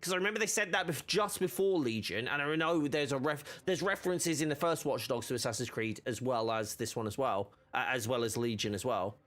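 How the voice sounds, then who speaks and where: A man's voice: medium pitch, brisk, few pauses, fairly bright tone. A man chatting casually while streaming a game, rambling with lots of fillers and restarts. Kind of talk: casual gaming stream chat.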